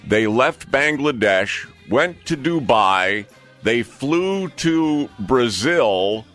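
A man's voice: medium pitch, lively intonation, very slow, a bit bright, faint music behind. A man co-hosting a talk radio show, speaking bluntly and opinionatedly in a rambling way with many fillers. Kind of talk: casual talk radio chat.

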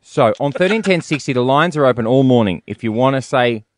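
Lively male radio host. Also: mid-range voice, brisk, no room sound. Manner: animated storyteller, laughs often. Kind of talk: casual on-air banter. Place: radio studio.

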